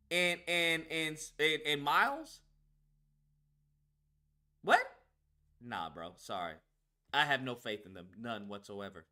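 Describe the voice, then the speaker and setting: A man ranting in casual chat, reading chat comments aloud, animated and profane, repeating himself for emphasis. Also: sits high. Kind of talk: heated casual rant.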